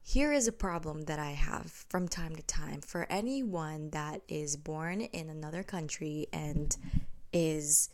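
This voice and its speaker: A woman's voice: sits low, measured pace, darkish tone. Chatty woman, American accent with Filipino hints. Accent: American, slight Filipino. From Philippines. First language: Tagalog. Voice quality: chatty, rambling, drops into whispers. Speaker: podcast host. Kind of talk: casual chat. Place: home at night.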